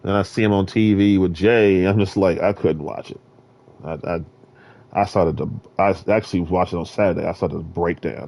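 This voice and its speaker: A man streaming, talking in a rambling rant that swings between loud outbursts and low muttering. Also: moderate pace, gravelly.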